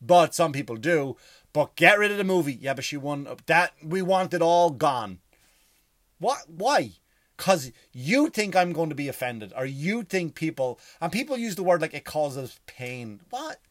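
An Irish man from Ireland ranting casually, profane and animated, firing off rhetorical questions. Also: fairly high pitch, normal speed, dry recording, studio quality.

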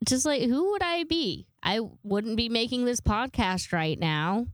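Young woman, solo podcast host, congested, rambly and self-mocking, smooth clear tone in a dry close sound. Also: on the high side, lively intonation, a little slow, dry recording. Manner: rambling, self-deprecating, swears casually. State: congested from a sinus infection. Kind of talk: casual solo podcast monologue.

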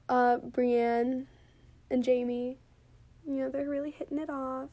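High, mellow-voiced woman chatting casually. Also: takes it slowly, long pauses. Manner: animated, swears freely, fillers like "like". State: drinking while talking. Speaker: TV episode reviewer. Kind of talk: casual chat.

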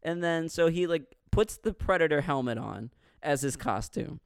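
A man with a slightly high, smooth voice, recorded close and dry, talks his way through a movie in casual chat. He tells it as a running story and jumps into loud, swearing impressions of the characters along the way. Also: animated, moderate pace, dry recording. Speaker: podcast co-host reviewing a movie.

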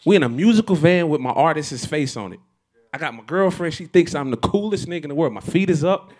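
A man's voice: fairly high pitch, expressive, quick pace, darkish tone. A man in casual podcast chat, telling a story in a laid-back way with laughs. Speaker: radio host.

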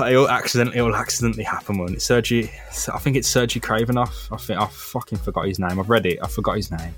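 A young man co-hosting a podcast in casual, excitable chat full of jokes and swearing. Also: fairly low pitch, fast talker, hardly any pauses, soft background music. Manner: excitable, joking, heavy swearing. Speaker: podcast co-host.

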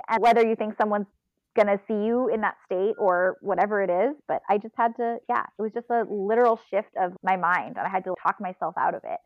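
A woman telling a long personal story in a casual, animated way, laughing and acting out her own inner voice. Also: mid-range voice, a little fast, no room sound, lo-fi sound. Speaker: podcast guest, ultrarunner.

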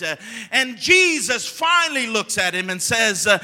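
A man pastor preaches with fervor in a church sanctuary, climbing to loud emphasis and then falling back to soft asides. His voice is very high and strikingly bright. A long hall reverb trails every phrase. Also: very animated, measured pace. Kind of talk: sermon.

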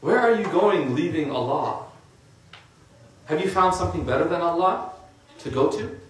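Guy giving a chill sermon, kinda high voice, super echoey room, mic far off. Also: expressive, moderate pace, a little hiss or hum. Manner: conversational, uses casual fillers. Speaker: religious speaker. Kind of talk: informal sermon.

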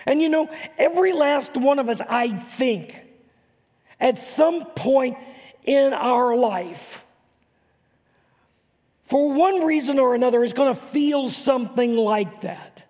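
A man's voice: very high-pitched, slow, long pauses, darkish tone. An older man, a pastor, preaching a sermon earnestly and repeating words for emphasis. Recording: long hall reverb.

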